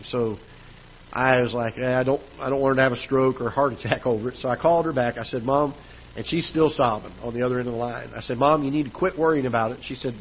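Pastor telling a story in a sermon. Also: male voice, mid-range voice, steady tone, brisk, dull audio, slight background noise. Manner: storytelling, conversational, with repeated restarts. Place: church auditorium.

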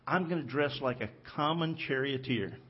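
A man's voice: mid-range voice, normal speed, slightly rough, highs cut off. A man preaching a sermon from the pulpit of a church, retelling a story with voices for its characters. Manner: storytelling, acting out the characters' lines. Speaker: pastor. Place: church sanctuary.

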